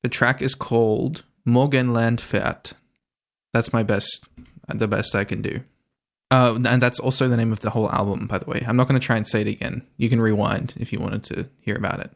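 A man's voice: on the low side, steady tone, brisk, vocal fry. A young man hosting a radio music show, chatting casually and rambling with lots of asides. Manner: rambling, self-interrupting, quips, "like" and "bro" asides.

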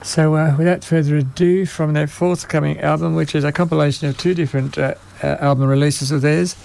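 A man presenting music on the radio, speaking haltingly with many pauses and fillers, and losing his voice. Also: a little high, steady tone, gravelly, darkish tone. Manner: halting, many ums and uhs. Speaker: radio music show host.

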